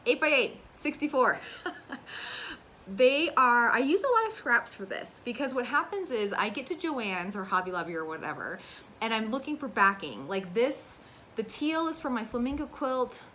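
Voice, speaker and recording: A woman's voice: on the high side, sing-song, moderate pace, pushed and bright, a little hiss or hum. A woman in her thirties from the United States, chatting casually and animatedly about her sewing projects and laughing at herself. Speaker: crafting vlogger. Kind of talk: casual chat.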